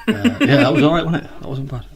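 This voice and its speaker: A man's voice: a little high, expressive, quick pace, crowd noise. A man, co-hosting a podcast in casual banter, rambling drily, swearing freely and laughing often, speaking over a Skype call. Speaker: podcast co-host.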